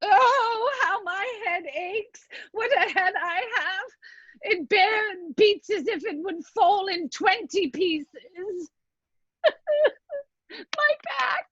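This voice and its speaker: A woman acting an old, weary nurse with aching bones in an amateur Shakespeare reading, groaning and teasing in a slow, drawn-out way over a video call. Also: sits high, expressive, fairly bright tone, breathy edge, dry recording, heavily acted. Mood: complaining. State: acts out of breath. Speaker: actor in an online Shakespeare reading. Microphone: video call microphone. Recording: dull lo-fi video call audio.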